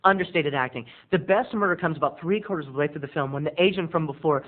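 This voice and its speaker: Campy high-voiced man reviewing a film. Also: quick pace, few pauses. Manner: animated, campy storyteller. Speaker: video blogger. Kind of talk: casual movie review. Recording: tinny lo-fi recording.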